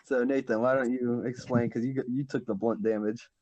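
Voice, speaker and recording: A man's voice: medium pitch, steady tone, normal speed, darkish tone, no room sound, lo-fi sound. A teenage boy hosting a casual podcast chat with friends, talking easily and laughing often. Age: teens. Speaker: podcast host.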